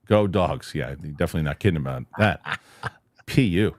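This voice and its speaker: A man hosting a casual live stream, reading viewer comments aloud in an animated, chatty way and laughing easily. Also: a bass voice, moderate pace, no room sound, clean studio sound. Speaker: show host.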